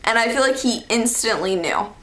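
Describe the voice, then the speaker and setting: A young woman talks to camera, telling a story from her own life. Her voice sits a bit high, and she is chatty and animated, with lots of filler words. The sound bounces around a roomy space. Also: moderate pace. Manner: chatty, animated, heavy use of "like" and "okay". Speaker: storytime vlogger. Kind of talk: casual storytime monologue.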